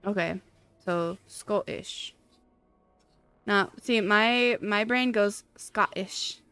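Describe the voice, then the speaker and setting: A woman's voice: medium pitch, slow, fairly bright tone, clear, resonant tone, no echo. A woman streaming a game live, chatting casually and thinking aloud, with many fillers and small laughs. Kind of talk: casual live-stream chat while gaming.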